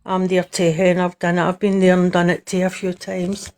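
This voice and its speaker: Woman, encouraging guest, monotone delivery. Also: on the low side, moderate pace. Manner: earnest, encouraging. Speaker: guest on a livestream. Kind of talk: casual chat.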